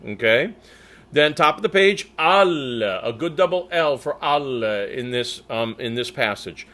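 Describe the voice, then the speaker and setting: Slow, deliberate male choir conductor. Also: medium pitch, expressive, a bit bright. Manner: demonstrates German words slowly with crisp rolled R's. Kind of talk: diction coaching lesson.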